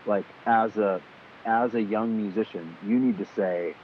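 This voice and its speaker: Animated man on a tinny line. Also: on the low side, measured pace. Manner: animated, swears casually, acts out quoted exchanges. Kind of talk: casual conversation. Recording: tinny phone-like sound with faint hiss.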